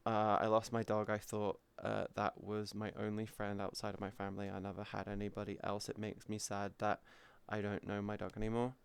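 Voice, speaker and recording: A man chatting casually on a live stream, swearing freely, reading viewers' messages aloud and softly comforting them. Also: fairly low pitch, monotone, fairly quick, vocal fry, few pauses, smooth. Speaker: VTuber streamer.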